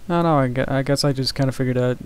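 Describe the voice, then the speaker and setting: Male animator on a live stream, monotone, middle pitch, soft and mumbly with lots of "uh"s. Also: very fast, smooth, poor audio. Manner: soft-spoken, mumbling, many fillers. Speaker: animator streaming his work. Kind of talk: casual live-stream chat.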